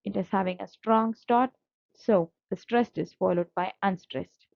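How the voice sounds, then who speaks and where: A woman's voice: medium pitch, a little slow, gravelly, no echo. A woman teaching a slide-based literature lesson, patient and methodical, repeating key terms and spelling out each syllable. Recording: dull lo-fi dry recording.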